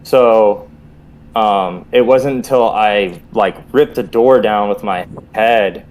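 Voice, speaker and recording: A man's voice: fairly low pitch, slow, darkish tone. A man who served in the Army talks candidly and reflectively in a casual group chat among veterans. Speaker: podcast co-host, Army veteran.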